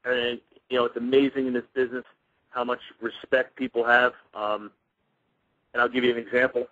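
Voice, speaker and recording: In a casual radio interview, a former pro wrestler tells stories in a medium-pitched, somewhat bright voice, speaking a little fast with a flat delivery. He rambles and restarts often, acting out the dialogue, and the audio is dull, lo-fi radio sound with no room ambience.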